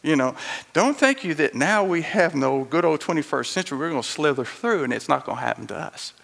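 A man preaching a sermon with animated storytelling, acting out the voices in his stories with chuckling asides. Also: on the high side, a little fast, creaky.

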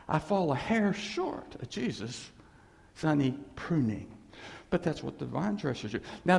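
A man preaching a sermon in a church, animated and laughing, acting out voices as he tells stories. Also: sits high, vocal fry. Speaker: pastor. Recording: echoey hall reverb.

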